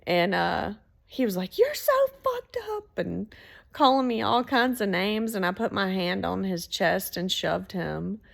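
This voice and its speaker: A woman telling a story in a casual, animated way, swearing freely. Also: medium pitch, a little slow, creaky. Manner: animated, swearing, laughs between lines.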